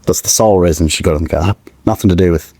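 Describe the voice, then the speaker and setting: Gravelly low-voiced man. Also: warm tone, dry recording. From Australia. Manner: halting, searching for words, with restarts. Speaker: podcast guest. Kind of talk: emotional personal storytelling.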